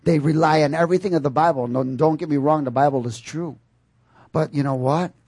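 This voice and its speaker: A man preaching a sermon with animated delivery, calling out questions to his congregation and breaking into loud bursts. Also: fairly high pitch, a little fast, husky, no echo.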